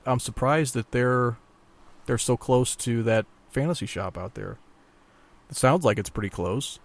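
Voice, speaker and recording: A man's voice: mid-range voice, a little slow. A man co-hosting a podcast in casual chat, laid-back and profane, often restarting his sentences. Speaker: podcast co-host.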